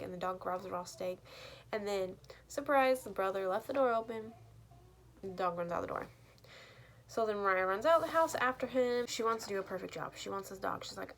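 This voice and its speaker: A woman's voice: medium pitch, gravelly, a bit bright, slight background noise. A woman casually recapping a film plot, chatty and full of "like", laughing now and then. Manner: chatty, uses "like" often, laughs mid-sentence. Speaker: movie reviewer.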